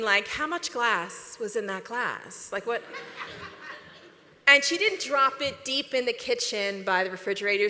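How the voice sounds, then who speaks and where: A woman speaks to a conference audience in a bright, fairly high voice. She is chatty and animated, tossing questions to the crowd, and the long reverb of a big hall trails her words. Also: slight background noise. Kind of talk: conference talk.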